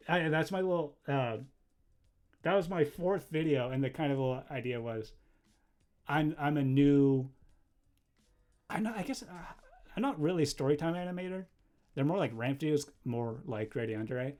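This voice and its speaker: A young man chatting casually on a livestream while he draws, rambling and easily distracted, laughing often and bursting into loud excited exclamations. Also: medium pitch, moderate pace, pauses often. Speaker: livestreaming animator.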